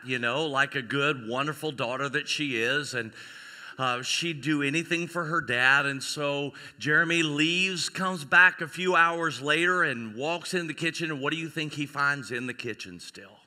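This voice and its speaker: A man pastor preaching a sermon, telling an animated story and acting out the people in it. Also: a little high, moderate pace. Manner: animated storytelling, voicing characters in a skit. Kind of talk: sermon with acted illustration. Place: church sanctuary. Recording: church sanctuary with long reverb.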